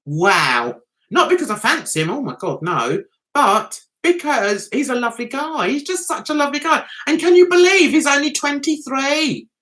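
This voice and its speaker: A woman's voice: sits high, lively intonation, normal speed, fairly bright tone. A middle-aged British woman hosting a casual live-stream chat, reading out viewers' comments and laughing at herself. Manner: giggly, chatty, often laughs at herself.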